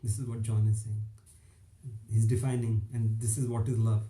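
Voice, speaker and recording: A man's voice: lowish voice, level tone, normal speed, mellow, roomy sound, low-quality recording. A man preaching an informal online sermon, emphatic and repetitive, with little chuckles between phrases.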